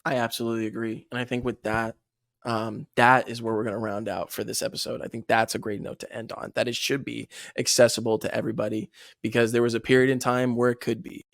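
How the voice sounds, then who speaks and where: A man's voice: mid-range voice, level tone, quick pace, creaky, no room sound, studio quality. A young man hosting a podcast, chatting casually and upbeat, laughing often and swearing now and then. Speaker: podcast host. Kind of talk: casual chat.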